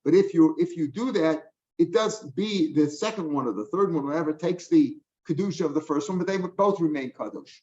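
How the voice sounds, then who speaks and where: Older male Talmud teacher, slightly high voice, conversational, checks in often, dull lo-fi sound. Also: brisk, hardly any pauses, darkish tone. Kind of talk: explaining a Talmud page line by line. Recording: dull lo-fi recording.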